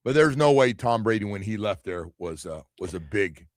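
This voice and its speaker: A man's voice: lowish voice, normal speed, no echo. Male sports-talk host, loose and rambling, acts out quotes, dry studio sound. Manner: rambling, animated, acts out others' lines. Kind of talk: casual sports talk radio.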